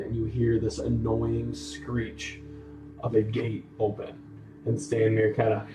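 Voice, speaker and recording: A man's voice: fairly low pitch, mellow, a little hiss or hum. A man running a tabletop game as dungeon master, describing scenes at an easy pace and calling for dice checks. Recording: roomy sound from a distant mic.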